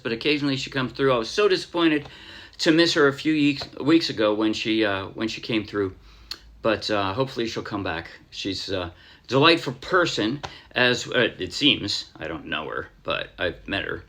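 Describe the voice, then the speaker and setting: A man's voice: on the low side, sharp tone. An American man casually teaching a ukulele song, rambling a little and counting beats aloud over his strumming. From United States. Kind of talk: casual music tutorial.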